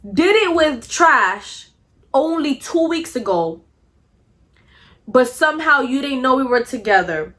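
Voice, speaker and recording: A young woman telling a storytime in a casual vlog, talking in an animated, blunt way, swearing freely and coughing now and then. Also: a little high. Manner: coughs often between phrases.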